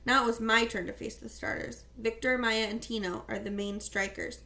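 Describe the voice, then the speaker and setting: Woman audiobook narrator, steady first-person storytelling, slightly high voice. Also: normal speed, gravelly. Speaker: audiobook reader.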